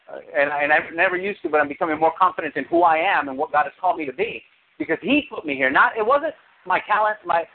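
A man preaching a sermon as pastor, animated, with sudden high exclamations. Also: creaky. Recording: tinny phone-like sound.

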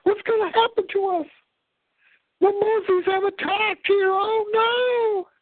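A woman's voice: extremely high pitch, fairly even intonation, slow pace, no echo, voice pushed up. A man putting on a wailing, terrified young mother. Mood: frightened. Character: frightened young mother, crying and panicky. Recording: thin phone-like sound.

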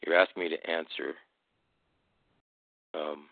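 Gravelly low-voiced man over a phone line. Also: level tone, no room sound. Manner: deliberate, confrontational when challenged. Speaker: guest speaker. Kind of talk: casual storytelling and argument. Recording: tinny phone-line audio.

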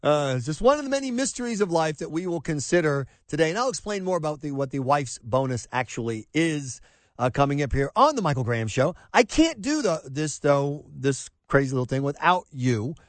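A man hosting a talk radio show, excitable and exasperated, stammering and restarting as he talks in a studio. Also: a little high, a little fast, no room sound.

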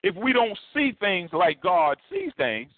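Man, pastor, sermon, animated and conversational, dry close sound. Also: high-pitched, a little slow, no echo. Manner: animated, repetitive, conversational preaching. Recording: tinny phone-like sound.

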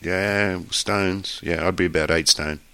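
A man's voice: low-pitched, fairly even intonation, unhurried, bright, forceful tone, clean tone, no room sound. A man with an Australian accent co-hosting a podcast, with short, dry remarks. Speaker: podcast co-host. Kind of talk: casual chat.

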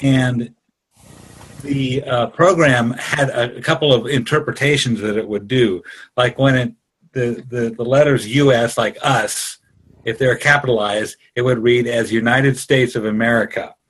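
A man in a group discussion who speaks haltingly and repeats words. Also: medium pitch, steady tone, a bit bright, husky, low-quality recording.

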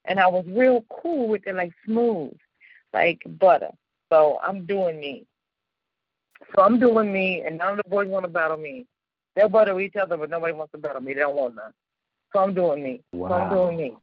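A woman from the suburbs of Chicago hosting a radio show, telling personal stories in a casual, animated way with slang and frequent laughter. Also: on the low side, normal speed, no room sound, phone-quality sound. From Chicago suburbs, United States. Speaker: radio host. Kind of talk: casual storytelling chat.

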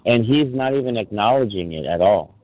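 A man's voice: on the low side, lively intonation, a little fast, no room sound. Angry swearing man on a tinny phone line. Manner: angry ranting, heavy swearing. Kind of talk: heated phone chat.

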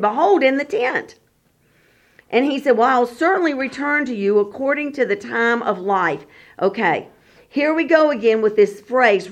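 Higher-voiced woman teaching Bible study. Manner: reads scripture aloud, then explains in casual talk; acts out the quoted speakers in lively voices.

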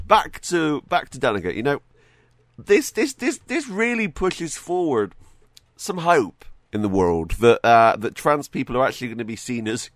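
In a dry recording, a podcast host riffs on his own show, joking, laughing a lot, and tripping over words he repeats. He has a mid-range, fairly bright voice with big pitch swings and talks a little slowly.

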